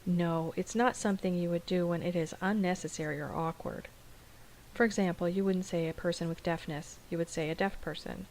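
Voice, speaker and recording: A woman teacher speaks in a calm, measured way, explaining carefully as if in a scripted dialogue. Her voice sits on the low side. A faint hiss runs under the recording. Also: low-quality recording. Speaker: special education teacher.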